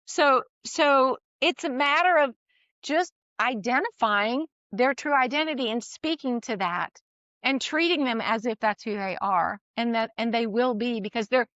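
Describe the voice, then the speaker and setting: In a casual chat, a middle-aged female guest tells a personal story about raising her kids, speaking animatedly with many sentence restarts and laughter between phrases. Her pitch is on the high side and her pace a little slow. There's no echo, but the highs are cut off.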